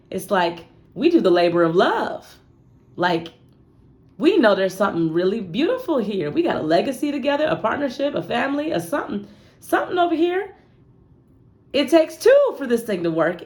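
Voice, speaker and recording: Playful woman giving a tarot reading. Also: mid-range voice. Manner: playful, animated, talks straight to viewers. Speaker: tarot card reader. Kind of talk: casual tarot reading to camera.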